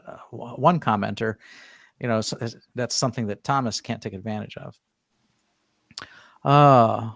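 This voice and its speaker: A man's voice: medium pitch, vocal fry, no echo, studio quality. A middle-aged man hosting a casual online panel chat, reading viewer comments aloud and rambling through his answers.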